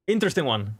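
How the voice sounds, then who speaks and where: A man's voice: mid-range voice, fairly bright tone, breathy edge, no echo. A man chatting casually on a game stream as its host, rambling along and often laughing at himself. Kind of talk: casual live-stream chat.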